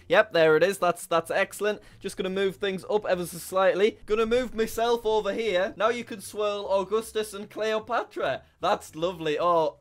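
A young man hosting a gaming commentary, excitable and laughing often. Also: high-pitched, smooth, no room sound. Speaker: YouTuber host.

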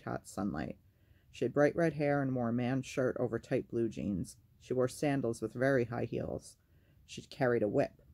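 A man reads a novel aloud as a storyteller, keeping a measured and even pace. His voice is dark and mellow, with a gravelly, low-register texture.

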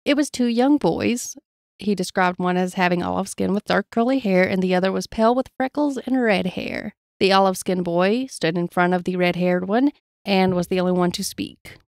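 A woman's voice: medium pitch, normal speed, darkish tone, dry recording, studio quality. A woman podcast co-host reading paranormal stories from her notes in a casual chat, laughing easily and playing along with jokes.

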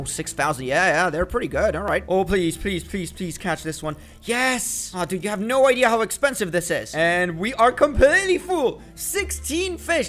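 A young man doing excitable let's-play commentary, talking to the fish and to his viewers. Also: high voice. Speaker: gaming video host.

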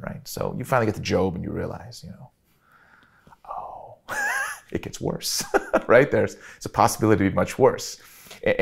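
Gravelly low-voiced man. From Chicago, USA. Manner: earnest, pauses with fillers and restarts. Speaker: interviewee. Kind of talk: reflective personal storytelling.

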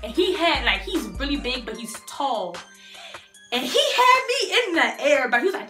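A young woman vlogger telling a storytime tale in an animated, slangy way, talking straight to her viewers. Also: high-pitched, moderate pace, roomy sound, faint music behind. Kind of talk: storytime vlog.

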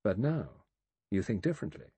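A man voicing a shrewd, brisk male doctor in an audiobook. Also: on the low side, big pitch swings, mellow, breathy edge, no room sound, full character voice.

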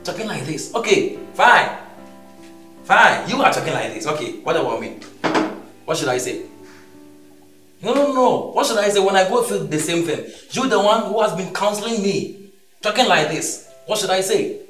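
A man's voice: fairly high pitch, very animated, normal speed, pauses often, sharp tone, reverberant, far from the mic, soft background music. A man playing a friend who scolds and urges his troubled pal. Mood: scolding. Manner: scolding, emphatic. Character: blunt friend, lecturing and urging.

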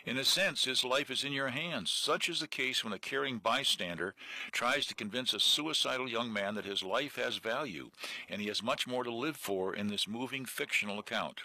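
A man hosting a program, reading a book aloud in a steady, earnest way. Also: mid-range voice, moderate pace, no echo. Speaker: radio program host.

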